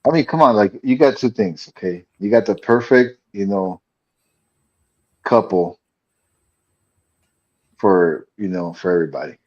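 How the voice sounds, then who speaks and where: Deep, husky-voiced podcast co-host, a man who rambles with lots of fillers, dull lo-fi mic. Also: a little mellow. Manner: rambling, halting, many fillers. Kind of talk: casual comics review chat.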